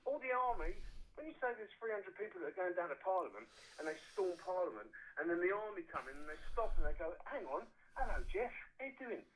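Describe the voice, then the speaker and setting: A man's voice: high-pitched, lively intonation, fast talker, a little hiss or hum, poor audio. A man calling in to a talk show, rambling with many restarts and heavy swearing. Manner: grows loud and emphatic. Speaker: caller. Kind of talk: phone-in call.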